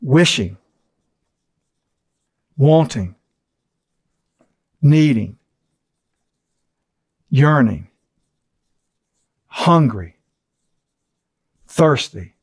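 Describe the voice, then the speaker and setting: A man's voice: mid-range voice, dry recording. A middle-aged man giving an earnest teaching session, repeating key phrases for emphasis.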